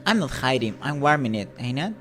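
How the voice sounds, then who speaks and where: A man voicing a wary poor woman who speaks in a quiet, guarded, defensive way. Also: mid-range voice, big pitch swings, a little fast, soft background music.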